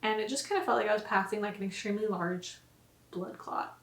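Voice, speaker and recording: A woman's voice: mid-range voice, a little fast. A young woman vlogger casually retelling a personal story to camera, chatty and full of "like" fillers. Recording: roomy echo.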